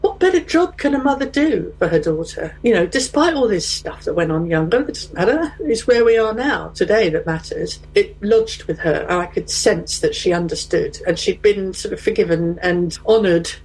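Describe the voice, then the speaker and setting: A woman's voice: on the low side, moderate pace, hardly any pauses, slightly rough, rough recording. A woman, a guest candidly telling personal stories and acting out other people's voices. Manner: animated, acts out quoted voices.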